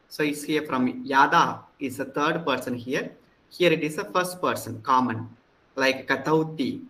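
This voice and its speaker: Brightly lit man lecturing slowly. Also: on the high side, poor audio. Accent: Indian English. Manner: reads the Hebrew word by word, then explains it; frequent fillers and restarts. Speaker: Hebrew instructor. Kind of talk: classroom lecture.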